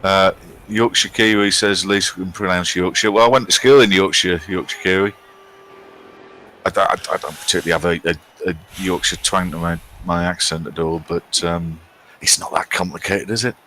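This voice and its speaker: A middle-aged man with a British accent hosts a live game stream, his voice low-pitched yet bright and forceful. He reads viewer comments aloud in a wry, chatty manner and pokes fun at his own pronunciation. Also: steady tone, normal speed, a little hiss or hum, rough recording. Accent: British English.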